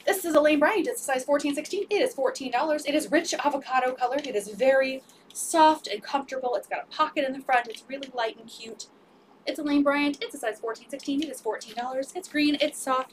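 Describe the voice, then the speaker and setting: A woman's voice: high voice, brisk, distant mic, slight background noise. A woman selling secondhand clothes on a live stream, upbeat and repeating sizes, prices and item numbers. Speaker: resale live-stream seller. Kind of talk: live sales pitch.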